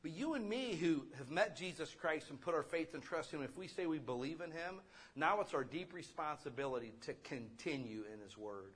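A little high, a little fast and husky, a male pastor's voice carries an animated, conversational sermon. He repeatedly asks the congregation rhetorical questions.

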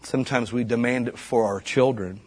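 Husky man preaching with rising fervor. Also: moderate pace. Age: adult parent. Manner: storytelling, climbing high and loud when stirred. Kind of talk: sermon.

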